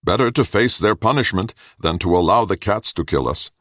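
A man's voice: on the low side, expressive, normal speed, a bit bright, no echo, studio quality, pitched above the performer's own voice. A man voicing a bold, defiant alien warrior.

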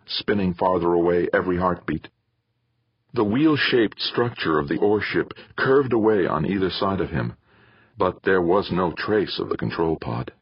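A man narrating a story in scripted, expressive audiobook style. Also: low-pitched, breathy edge, no room sound, muffled recording.

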